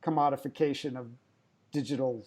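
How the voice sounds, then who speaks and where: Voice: medium pitch, steady tone, a little fast, a little mellow. A podcast host asking long, searching questions, with lots of "I guess" and "you know" fillers. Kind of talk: podcast interview.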